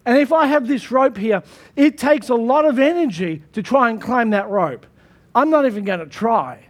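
A man's voice: very high voice, lively intonation, moderate pace. A man pastor preaching a sermon in an emphatic style, often repeating his phrases.

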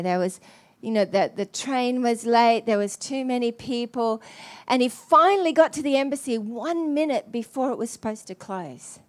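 Earnest woman preacher, fairly high voice, halting sermon storytelling. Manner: earnest, halting, many restarts.

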